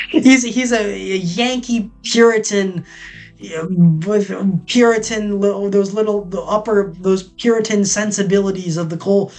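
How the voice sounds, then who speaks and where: A man streaming a casual chat, rambling and joking with many restarts and frequent laughs, from the southern United States. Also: sits high.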